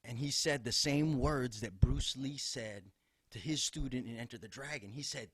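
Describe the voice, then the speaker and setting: A male comedian from Chicago spins loose, profane, rambling stories with punchy asides. He is a podcast guest speaking at a middling pitch. The sound is dry and close to the mic. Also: normal speed, a bit bright, husky, no echo. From Chicago, USA. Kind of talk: casual comic storytelling on a podcast.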